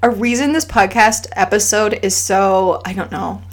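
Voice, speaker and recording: A woman co-hosting a podcast, chatty and reflective, thinking out loud with lots of fillers. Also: mid-range voice, moderate pace, soft background music. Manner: chatty, reflective, talks through her thoughts with fillers. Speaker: podcast co-host. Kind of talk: casual chat.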